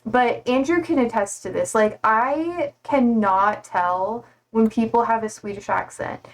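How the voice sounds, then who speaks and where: A woman streams live, chatting casually with her audience in a slightly raised voice that is on the high side and a little slow. She rambles from thought to thought, laughing and poking fun at her own shortcomings.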